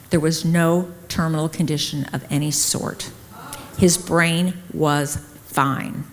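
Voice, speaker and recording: A middle-aged woman, a nurse, speaks at a conference in a slightly low voice, animatedly playing the people in her stories. Her words ring out with a long reverb from the large hall. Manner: lively, acts out quoted dialogue. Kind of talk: personal storytelling talk.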